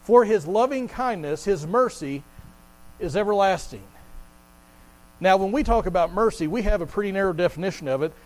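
A man with a high voice preaches a sermon in a plain, conversational manner, often repeating words as he builds his points. He slows right down to lean on each scripture quote. A faint electrical hum runs under the recording. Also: lively intonation, low-quality recording. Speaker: pastor.

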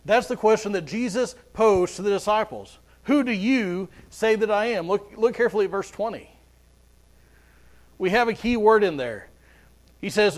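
High-voiced man preaching. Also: normal speed. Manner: earnest preaching with frequent repeated words. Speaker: pastor. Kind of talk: sermon.

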